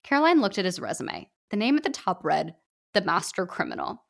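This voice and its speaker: A woman narrating a short story in an expressive, animated storybook style. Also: mid-range voice, brisk, gravelly.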